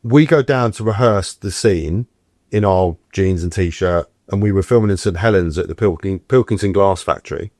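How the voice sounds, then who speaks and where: A man's voice: low voice, normal speed, no room sound, studio quality. A middle-aged man, an actor guest telling stories in a casual interview and acting out the voices he quotes. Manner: animated, acts out quoted voices.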